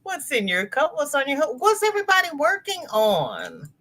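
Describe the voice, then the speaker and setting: A woman's voice: sits high, wildly swooping pitch, normal speed, fairly bright tone. A woman hosting a casual crochet livestream from her laptop. She greets viewers by name, reads their comments aloud and calls them girl, honey and darling.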